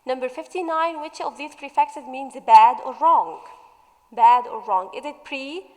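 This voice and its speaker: A woman English teacher going through a revision worksheet, stretching out example words slowly as she explains. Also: high voice, big-room sound, low-quality recording.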